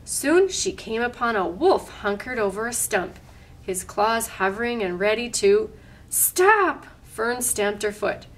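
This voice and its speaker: Slow, gentle woman reading a storybook. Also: fairly high pitch. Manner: gentle, explaining pictures to listeners. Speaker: library storyteller. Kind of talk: reading a picture book aloud.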